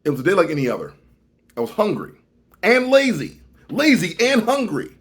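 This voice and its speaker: Male vlogger, comedic storyteller; lively pitch, exaggerated delivery. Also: a little fast, breathy edge, soft background music. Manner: animated, exaggerated swings between loud and muttered.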